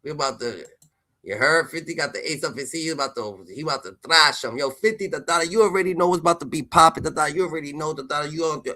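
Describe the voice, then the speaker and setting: Man, streamer, slangy reaction commentary, excitable, bright forceful tone. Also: on the high side, quick pace. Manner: slangy, repeats a catchphrase tag constantly; loud, excitable and laughing. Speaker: streamer commenting on rap news.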